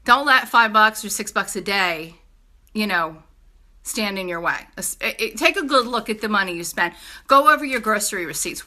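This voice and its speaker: A woman's voice: a little high, sharp tone. Emphatic New York woman selling hard. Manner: emphatic and persuasive, repeating "okay?". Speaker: product seller. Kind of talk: casual sales pitch.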